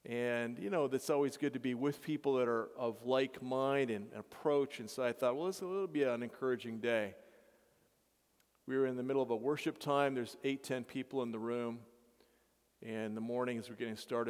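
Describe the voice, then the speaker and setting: A man who leads mission work, telling his story to a congregation earnestly, with halting restarts. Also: mid-range voice. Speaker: mission leader. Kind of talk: testimony to a congregation. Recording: reverberant hall.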